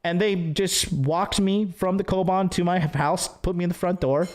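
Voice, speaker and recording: A man hosting a livestream in a loose, rambling rant. His talk is packed with swearing and "like", and his voice sits a little high for a man. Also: fairly even intonation, moderate pace, a little mellow. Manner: profane, rambling storytelling with many fillers. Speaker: dating coach and stream host.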